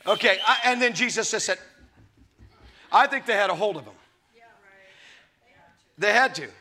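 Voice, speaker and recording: A man preaching a sermon, with dramatic swings between loud and soft delivery, acting out the scripture quotes as he goes. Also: sits high, expressive, moderate pace. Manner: laughs between points. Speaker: pastor.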